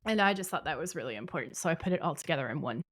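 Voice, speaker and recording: Female podcast co-host, lower register, dry close sound, long scene-by-scene recaps. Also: expressive, very fast, fairly bright tone, breathy edge, no room sound. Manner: retells scenes at length, reading out dialogue. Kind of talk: casual chat, recapping a TV episode.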